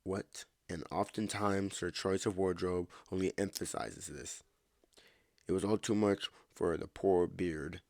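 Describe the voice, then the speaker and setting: A man's voice: low voice, fairly even intonation, measured pace, vocal fry, a little mellow, dry recording, studio quality. A man reading a story aloud as a podcast host, often stumbling, rereading lines and breaking off to comment on the text.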